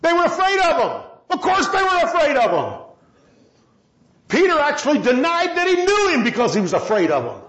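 Impassioned preacher man, lively high voice. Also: brisk, roomy sound, low-quality recording. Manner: impassioned, swings from loud shouting to low quiet. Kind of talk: sermon.

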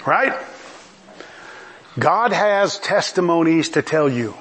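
A middle-aged man preaching a sermon in a lively, conversational way, often asking the congregation questions. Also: high-pitched, normal speed, slight background noise.

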